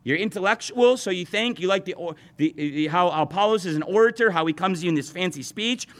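This preacher's voice sits high and fairly bright, animated and a little fast. He addresses his congregation head-on, earnestly restarting and repeating words as he goes.

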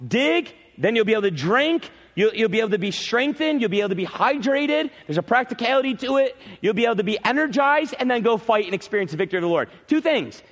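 A male pastor preaching a sermon in a church, emphatic, repeating key phrases and swinging between loud peaks and quiet drops. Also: extremely high pitch, lively intonation, fast, hardly any pauses, long reverb tail.

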